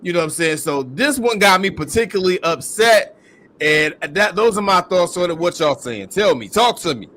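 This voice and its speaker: A man's voice: high-pitched, animated, moderate pace, sharp tone. A man hosting a podcast, ranting in heated, profane, incredulous commentary. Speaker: podcast host.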